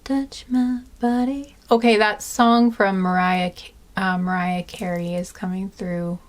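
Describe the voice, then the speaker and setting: Tired and nursing a sore back, a woman whose voice sits on the low side with little pitch movement leads a pick-a-card tarot reading. She chats casually in a slow, rambling, giggly way, addressing viewers as "guys."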